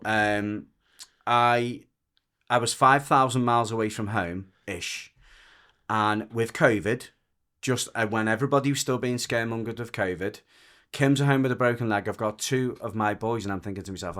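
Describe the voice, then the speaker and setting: A man with a Merseyside accent tells a story in a loose, conversational way. His voice sits a little low, and he wanders, restarts his sentences and swears freely as he talks. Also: moderate pace, a bit bright. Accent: Merseyside English. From the Wirral, England. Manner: rambling, frank, restarts often, swears. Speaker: dog trainer and podcast guest. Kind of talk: casual storytelling chat.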